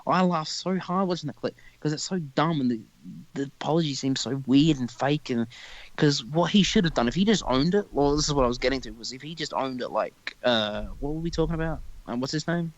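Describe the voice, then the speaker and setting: A man's voice: on the high side, fairly quick, no echo, highs cut off. A young man hosting a casual podcast chat, rambling and profane, often stopping and restarting his thoughts. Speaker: podcast host.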